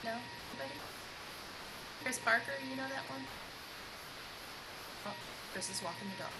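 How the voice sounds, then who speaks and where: A woman's voice: a little high, normal speed, very noisy. Chatty woman leading an online rehearsal. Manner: upbeat, chatty, coaching. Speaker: band director. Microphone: video call. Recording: music playing in the background.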